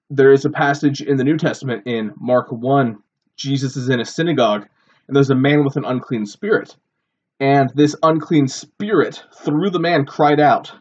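A man's voice: a little high, a little mellow, breathy edge, highs cut off. A man giving a sermon-style Bible teaching, explaining earnestly and posing rhetorical questions. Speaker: preacher.

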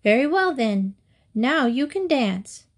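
Busy, scornful ants, as a woman puts them on, jeering at a lazy neighbor in a fable. The voice jumps far higher than the narration, shrill and mocking. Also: sing-song, slow, full character voice.

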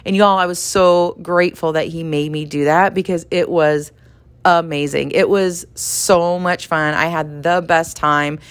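A woman's voice: sits low, unhurried. Chatty woman teaching faith. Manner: conversational, animated, acts out dialogue, laughs often. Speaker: podcast host and Bible teacher. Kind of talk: devotional teaching.

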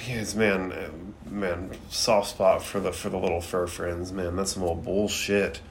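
Deep gravelly man recapping casually. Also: measured pace, few pauses, a little hiss or hum. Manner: laid-back, swears freely, relaxed filler words. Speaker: anime reviewer.

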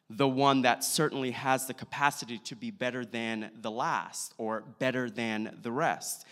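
A man, a pastor, preaching a sermon with a measured delivery and slow, deliberate emphasis. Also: medium pitch, a bit bright. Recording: long hall reverb.

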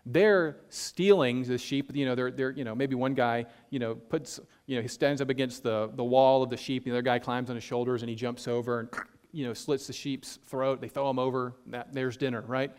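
A man preaching a sermon, reading scripture slowly and explaining it in a casual, conversational way with frequent fillers. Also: mid-range voice, steady tone, a little mellow, clean tone. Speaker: pastor.

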